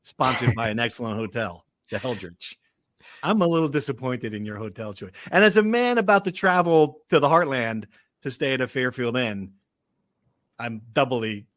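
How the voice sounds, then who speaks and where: A man's voice: mid-range voice, expressive, normal speed, a bit bright, no echo. A man hosts a casual sports podcast in a mid-range voice. His talk is joking and teasing, poking fun at his co-hosts. The recording is dry and close, with no room sound. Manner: joking, teasing, self-described hotel snob. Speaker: podcast host.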